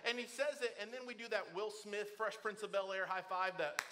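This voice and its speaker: A man's voice: high-pitched, a little fast. A middle-aged man preaching a sermon to a church, telling family stories and acting out the voices of the people in them. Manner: storytelling, animated, acts out quoted voices. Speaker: pastor. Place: church auditorium.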